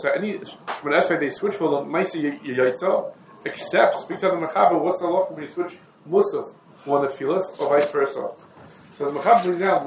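A man gives a Torah lesson in a somewhat high voice, working his way through the sources in a loose, conversational manner. His talk is sprinkled with Hebrew and Yiddish terms. The recording is roomy and echoey, with faint ambient noise behind him. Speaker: Torah teacher. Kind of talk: halachic lesson.

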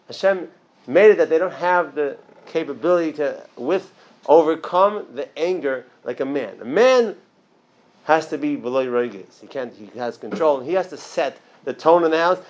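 A man teaching an informal religious class, talking conversationally with restarts and asides, and jumping up in pitch and loudness to stress his points.

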